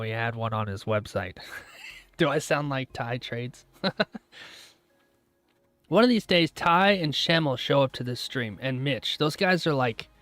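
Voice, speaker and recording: A man running a day-trading live stream, chatting casually and answering viewers' comments aloud, relaxed and quick to laugh. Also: medium pitch, dry recording. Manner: relaxed, laughs often, trails off mid-thought.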